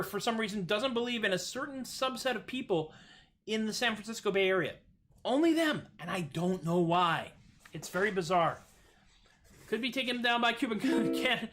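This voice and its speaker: A man's voice: sits high, bright, forceful tone. A man hosting a livestream music show, chatting casually and goofily between his songs in a rambling, self-deprecating way at home. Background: acoustic guitar playing.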